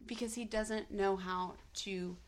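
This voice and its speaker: A woman's voice: mid-range voice, fairly even intonation, a little slow, a little hiss or hum. A young woman co-hosting a podcast, chatting about episodes with emphatic, punchy one-liners. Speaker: podcast co-host. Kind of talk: casual recap chat.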